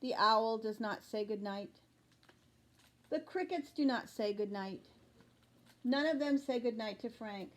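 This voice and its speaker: A woman's voice: on the high side, a little slow, pauses often, close to an everyday voice. A woman reading aloud voices a grumpy, secretive loner man who wants to be left in peace, with fussy exclamations in a storybook style. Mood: lonely.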